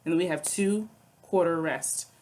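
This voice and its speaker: Woman music teacher with a lowish voice, patient, counting beats aloud, faint hiss behind. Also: moderate pace, a little mellow. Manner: patient, counts aloud and chants rhythm syllables. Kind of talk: recorded online music lesson.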